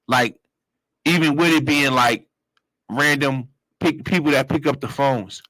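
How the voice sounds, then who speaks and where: A man's voice: mid-range voice, a little slow, pushed and bright, no room sound, rough recording. A man casually telling a personal story in slang, acting out other people's voices as he goes. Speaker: storyteller host.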